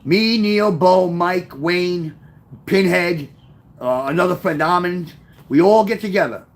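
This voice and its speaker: Middle-aged New guy streaming, rambling and cursing, slightly high voice, reads his memoir to chat. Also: a little slow. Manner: rambling, profane, reads chat comments aloud. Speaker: livestream host reading his memoir. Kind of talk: casual livestream storytelling. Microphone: webcam.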